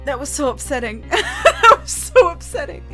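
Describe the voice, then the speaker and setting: A woman streamer commentating live on a game, excitable, swearing freely and laughing often. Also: sits high, moderate pace, soft background music.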